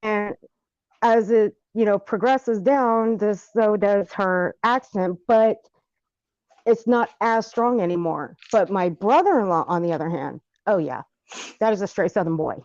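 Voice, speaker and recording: A woman's voice: mid-range voice, a little slow, no echo. Chatty woman telling a story. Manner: animated, laughs often. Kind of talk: casual chat, storytelling. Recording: dull muffled audio.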